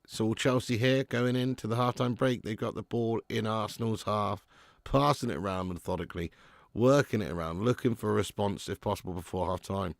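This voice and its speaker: A man's voice: on the low side, fairly quick, creaky, dry recording, clean studio sound. A man hosting a live football watch-along, commentating and chatting with viewers, reading out their comments. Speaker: watch-along stream host.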